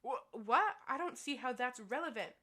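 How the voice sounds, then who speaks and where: A prim, know-it-all teenage girl from a game story, as a woman reads her. She speaks formally and lectures, in a somewhat high voice. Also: animated, normal speed, pushed and bright, exaggerated voice. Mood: indignant.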